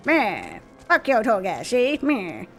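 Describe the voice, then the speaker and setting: A woman voicing a defiant, sneering old-time gangster tough guy who shouts that he won't be taken alive. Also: medium pitch, huge pitch swings, takes it slowly, faint music behind, voice pushed down, full character voice.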